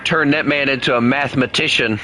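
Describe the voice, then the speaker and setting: A man's voice: mid-range voice, fairly quick, slight background noise, poor audio. A man giving casual, joking commentary while playing a game with a friend. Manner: joking, animated banter with a friend. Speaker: gaming streamer.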